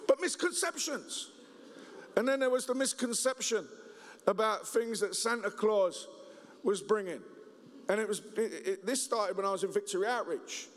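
A man preaching a humorous Christmas sermon, joking and telling stories in an animated way. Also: high-pitched, moderate pace. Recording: reverberant hall.

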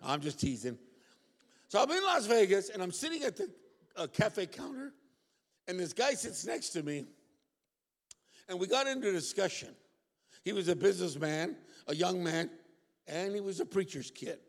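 A man preaching a lively sermon with call-and-response asides to his congregation. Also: sits high, normal speed, pauses often. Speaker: pastor. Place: church hall. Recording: reverberant hall.

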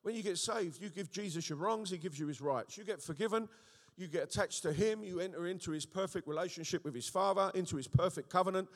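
Male preacher, high, gravelly voice, animated, asks the room questions, long hall reverb. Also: quick pace. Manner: animated, rhetorical, frequent call-and-response checks. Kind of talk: sermon.

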